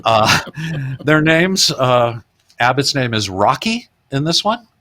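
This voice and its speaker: A man's voice: medium pitch, animated, slow pace, pushed and bright. A man hosting a podcast, animatedly retelling film scenes in casual chat and laughing often. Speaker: podcast host.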